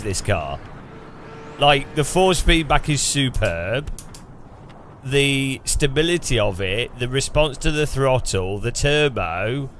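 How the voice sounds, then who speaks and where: A man's voice: medium pitch, big pitch swings, slow, fairly bright tone, slight background noise. Rambling English man chatting over gameplay. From England. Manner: rambling, chatty, often restarts mid-sentence. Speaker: gaming streamer. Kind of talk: casual chat over racing gameplay.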